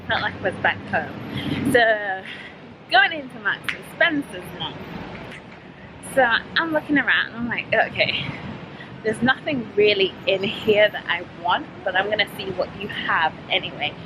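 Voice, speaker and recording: A young woman from Yorkshire with a Yorkshire accent tells a shopping story in a casual vlog, blunt and animated, acting out both sides of the exchange. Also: mid-range voice, a little slow, pauses often, noisy background. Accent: Yorkshire English. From Yorkshire, England. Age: young adult. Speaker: vlogger.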